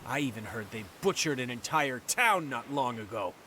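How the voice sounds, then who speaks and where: Hostile, excitable townsman. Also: medium pitch, moderate pace, slight background noise. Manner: confrontational, animated. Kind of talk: video game voice acting.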